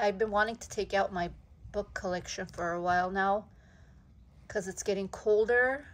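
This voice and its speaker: A woman vlogger showing her collection of jewelry books in a casual show-and-tell, talking softly and admiringly and stumbling when she reads aloud. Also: medium pitch, background noise. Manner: slow, soft-spoken, admiring, stumbles when reading aloud.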